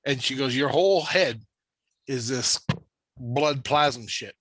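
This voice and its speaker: A man's voice: mid-range voice, slow pace, fairly bright tone, dry recording. A man telling a long, rambling story in casual conversation, swearing constantly and talking with intensity. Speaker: storyteller recounting a spirit-world experience.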